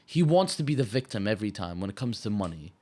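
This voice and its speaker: A man's voice: lowish voice, sing-song, quick pace, darkish tone. Young man swearing through casual stories. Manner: profane, emphatic storytelling. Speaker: podcast co-host. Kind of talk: casual chat.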